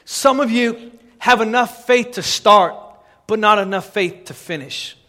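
A man preaching a sermon as pastor, building into impassioned, shouted exhortation. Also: high voice, unhurried. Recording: long reverb of a large hall.

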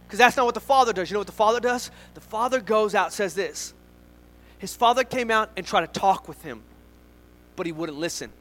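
A male pastor preaches in an earnest, emphatic way, repeating his key lines for effect. His voice sits very high for a man and has a bright, forceful edge. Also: brisk, rough recording. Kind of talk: sermon.

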